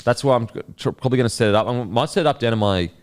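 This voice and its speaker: A man's voice: medium pitch, rapid-fire. A young Australian man hosting a podcast, chatting casually in a rambling, sweary, laid-back way. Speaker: podcast host.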